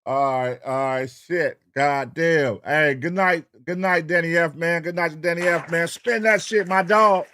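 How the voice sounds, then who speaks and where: A man from the US West Coast hosting a late-night livestream, loose and profane, reeling off shout-outs to chat viewers in a sing-song way. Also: a little high, a little slow, few pauses, dry recording. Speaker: livestream reaction host.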